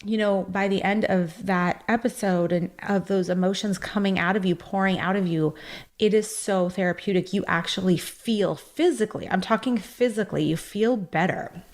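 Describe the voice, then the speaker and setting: A woman's voice: medium pitch, moderate pace, a little mellow. A woman hosting a self-help podcast, talking in an earnest, encouraging way with frequent fillers and asides. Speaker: podcast host.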